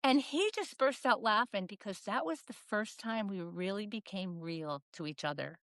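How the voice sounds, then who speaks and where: A woman's voice: mid-range voice, moderate pace, fairly bright tone. Earnest woman telling her life story. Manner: earnest, reflective, acts out quoted voices. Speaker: podcast guest. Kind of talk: candid personal storytelling.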